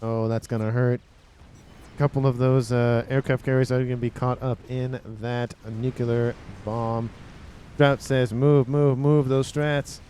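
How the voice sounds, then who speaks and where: A man casually commentating a strategy game replay, reacting excitably as the action unfolds. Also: mid-range voice, a little hiss or hum. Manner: excitable, quick reactions, often exclaims "oh".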